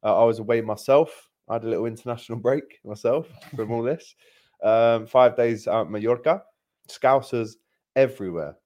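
A young man hosts a casual football podcast. His voice sits at an ordinary middle pitch. He tells stories in a brisk, chatty way and drops in viewer plugs and shout-outs. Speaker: podcast host.

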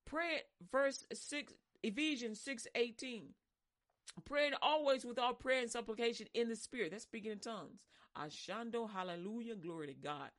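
A woman preaches a sermon in a voice a touch high, at a moderate pace. She is animated and dramatic, swinging between loud, soaring lines and soft, low ones while acting out voices as she goes.

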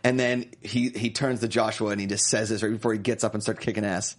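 A man co-hosting a casual podcast chat, animated and joking, slipping into quick voices when he retells scenes. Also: on the low side. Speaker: podcast co-host.

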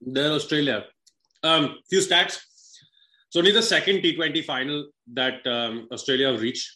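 Bright-voiced man in an echoey room. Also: fairly high pitch, moderate pace. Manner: joking, laughs often, swears in banter. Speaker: podcast co-host. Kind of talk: casual cricket chat.

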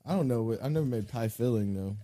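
A man's voice: mid-range voice, fast talker, warm tone. A man co-hosting a podcast in casual chat, joking, laughing often and swearing freely. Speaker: podcast co-host.

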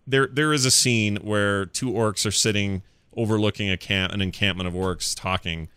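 A man's voice: on the low side, fairly even intonation, moderate pace, bright, forceful tone, clean tone, dry recording, studio quality. A man hosting a casual gaming podcast, chatting enthusiastically and joking as he rambles through the news. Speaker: podcast host.

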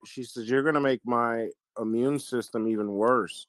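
A man's voice: medium pitch, fairly even intonation, moderate pace, hardly any pauses, fairly bright tone, no echo. A man telling a personal family story in an earnest way, often stopping and restarting as he talks. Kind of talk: casual conversation, personal story.

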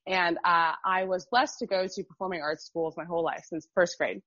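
Woman guest on a podcast talking about her start, kinda low voice, dead-dry muffled audio. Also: steady tone, a little fast, a bit bright, no room sound. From Miami, United States. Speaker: podcast guest, stage actress. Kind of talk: casual interview. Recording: dry, slightly dull lo-fi sound.

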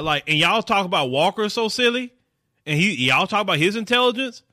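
Southern guy reacting to a debate, bright punchy voice, dry close sound, talks right at his viewers. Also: a little high, very animated, moderate pace, no echo. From American South. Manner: emphatic, talks straight to viewers. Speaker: political commentator reacting to a debate. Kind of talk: casual reaction commentary.

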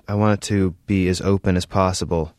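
A man, a novelist, talking in an interview with many halting restarts and reading from his book. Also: sits low, fairly even intonation, a little mellow, dry recording, studio quality.

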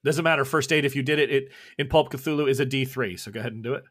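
A man's voice: mid-range voice, fairly even intonation, fast talker, a bit bright. A man running a tabletop horror game as game master, narrating the action with joking asides.

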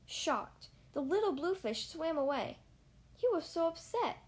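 A woman with a high, bright-pitched voice reads a children's picture book aloud for her podcast. Her reading is lively and expressive. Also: measured pace. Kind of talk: storybook read-aloud.

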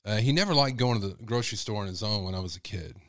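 A man's voice: lowish voice, fast talker, dry recording, clean studio sound. A male host telling a rambling, folksy story in a casual monologue. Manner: rambling, folksy, many fillers.

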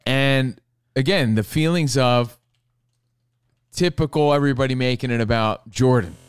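A man's voice: mid-range voice, moderate pace, smooth, no room sound, studio quality. A man hosting a casual sports talk show, laid-back and sure of his opinions.

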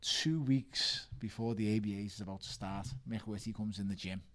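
A man, telling animated stories in a podcast interview, laughing and shouting out quoted lines. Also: fairly low pitch, moderate pace, no echo. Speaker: guest boxer. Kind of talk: podcast storytelling.

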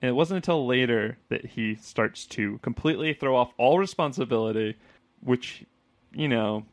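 A man's voice: medium pitch, moderate pace, no echo. Chatty man co-hosting a podcast. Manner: chatty, laughs often, acts out quotes. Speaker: podcast co-host. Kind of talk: casual chat.

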